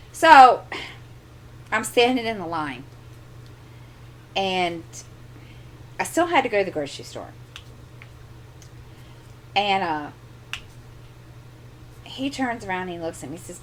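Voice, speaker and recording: A middle-aged woman with a fairly low voice talks casually into a desk microphone in her home craft corner. She rambles through an exasperated story and keeps doubling back with asides. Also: expressive, slow, pauses often, a bit bright, slight background noise. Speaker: crafting channel host. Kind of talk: casual chat.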